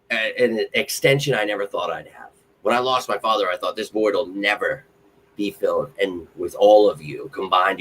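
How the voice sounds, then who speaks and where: A young man from central Pennsylvania hosting a casual live stream, talking in an excitable, rambling way and swearing freely. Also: medium pitch, husky. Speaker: podcast host.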